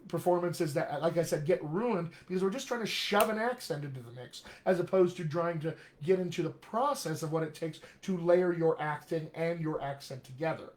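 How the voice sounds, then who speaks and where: A man's voice: fairly high pitch, moderate pace, few pauses. Direct, encouraging man. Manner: direct, encouraging, repeats points with "all right?". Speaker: dialect coach. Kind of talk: live-streamed talk to actors.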